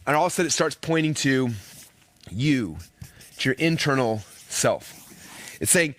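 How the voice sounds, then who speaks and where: A man presenting a live online training session, energetic and constantly checking in with his audience, often acting out inner voices. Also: on the high side, fairly quick, dry recording. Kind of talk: live sales-training talk.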